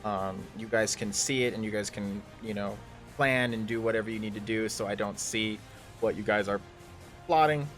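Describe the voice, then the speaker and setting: A man's voice: on the low side, normal speed, fairly bright tone, faint music behind. Rambling man running a tabletop game. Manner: rambling, full of ums and restarts. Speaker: game master. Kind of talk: casual narration of a tabletop game on a livestream.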